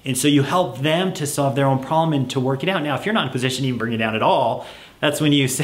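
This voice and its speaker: Man, parenting coach, relaxed, laughs often, echoey room. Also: mid-range voice, fast. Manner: acts out parent-child phone calls. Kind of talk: advice talk to camera.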